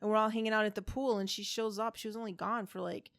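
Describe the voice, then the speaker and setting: A woman in her forties tells a story on a podcast and acts out the people in it, swearing freely. Her voice sits at a middle pitch. The recording is close and dry. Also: fairly even intonation, quick pace, dry recording. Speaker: podcast co-host. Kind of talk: casual chat, storytelling.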